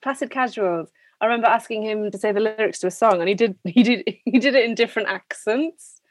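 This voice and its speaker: A woman's voice: medium pitch, fairly quick, dry recording. A woman reminiscing on a podcast, laughing often as she talks. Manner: warm reminiscing with frequent laughter. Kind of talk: casual podcast chat.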